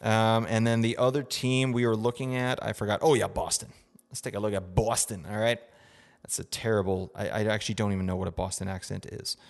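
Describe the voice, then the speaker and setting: A man's voice: on the low side, fairly even intonation, a little fast, gravelly, in a large hall, slight background noise. A young man hosting a casual fantasy sports podcast, rambling with lots of fillers and asking "right?" often. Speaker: podcast host. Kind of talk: casual fantasy hockey advice.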